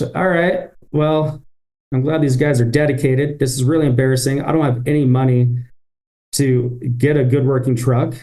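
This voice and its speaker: A man's voice: mid-range voice, fairly even intonation, normal speed, dark tone. A man, a business-owner guest on a podcast, telling a story and acting out his own past thoughts and phone calls.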